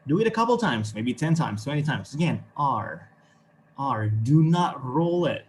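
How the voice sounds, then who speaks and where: A man's voice: medium pitch, big pitch swings, moderate pace. Indonesian guy teaching english on a video call, keeps saying okay, laughs a lot, slight background hiss. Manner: encouraging, chuckles often, fills with "okay". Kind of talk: online class teaching.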